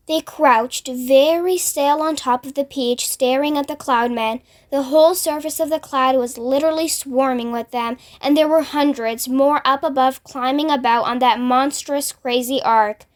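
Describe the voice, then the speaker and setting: High-voiced woman reading a children's story. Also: moderate pace, few pauses. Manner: expressive storytelling. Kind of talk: reading a children's book aloud.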